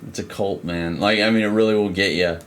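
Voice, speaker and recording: Low-voiced swearing podcast co-host, man. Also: brisk, background noise. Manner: profane, animated, jumps into voices when quoting. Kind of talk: casual chat.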